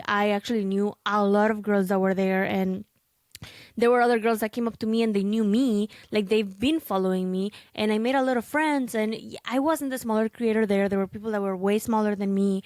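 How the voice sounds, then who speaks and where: A young woman talks through a casual podcast monologue at an everyday, middle pitch, the recording close and dry with no room around her. She rambles along in a chatty way, tossing in "like" and "okay?" as she goes. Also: dry recording. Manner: talkative, full of fillers and asides like "okay?". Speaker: podcast host and content creator.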